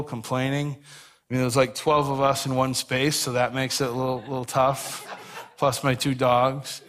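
Preaching in an earnest, conversational way, this pastor pokes a little fun at himself through personal stories. He speaks at a medium pitch, slightly bright.

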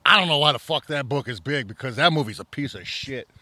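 A man's voice: medium pitch, animated, fast, bright, forceful tone, dry recording. A man co-hosting a podcast at a poolside party, talking in loose, profane, joking chat with a Michigan accent. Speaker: podcast co-host. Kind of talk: casual chat.

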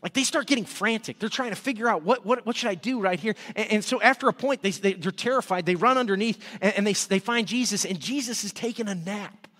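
A man preaching a sermon as pastor, energetic and repeating words when excited. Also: sits high, fast, hardly any pauses, big-room sound. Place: church service.

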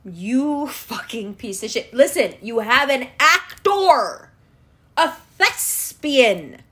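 A woman delivering an angry, profane political rant, switching between slow emphatic lecturing and sarcastic outbursts. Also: high-pitched, very animated, fairly bright tone. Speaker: commentator.

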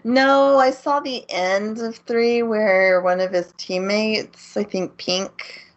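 A woman's voice: mid-range voice, steady tone, slow pace, dull audio. A woman co-hosting a podcast in casual chat, giving brief replies and laughing often. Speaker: podcast co-host.

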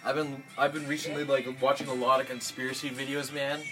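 A man's voice: mid-range voice, level tone, fast talker. Young man, rambling improv comedy, mock-menacing, music bed. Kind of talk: goofy improvised role-play with friends.

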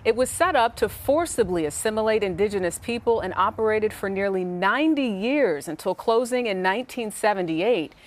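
A woman reading a news report in a measured, formal delivery. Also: mid-range voice, animated. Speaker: news reader.

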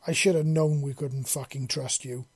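A man's voice: medium pitch, fairly even intonation, moderate pace, breathy edge, no room sound. A man voicing a fierce, distrustful woman who snarls her lines in a story reading. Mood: snarling. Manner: snarling, hostile.

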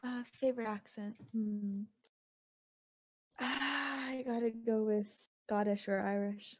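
A woman's voice: on the high side, steady tone, takes it slowly, no echo. Young woman, laughing easygoing podcast chat. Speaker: podcast co-host. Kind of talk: casual chat.

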